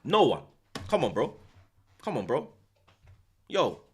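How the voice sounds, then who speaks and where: A man, a football streamer talking in a loud, swaggering rant full of repeated slang tags. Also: medium pitch, wildly swooping pitch, slow pace, slightly rough. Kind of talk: casual boastful rant.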